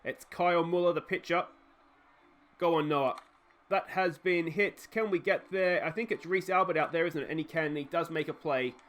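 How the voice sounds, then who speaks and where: An Australian man commentating his own baseball management game, calling plays with rising excitement and chatty asides. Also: a little high, normal speed. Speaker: let's play host.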